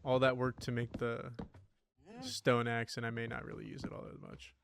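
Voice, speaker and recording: A man's voice: mid-range voice, level tone, normal speed, vocal fry, a bit bright, a little hiss or hum. A young man casually talking over a game, telling a story in a loose, rambling way full of swearing and "dude". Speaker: gaming streamer. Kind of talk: casual gameplay commentary with storytelling.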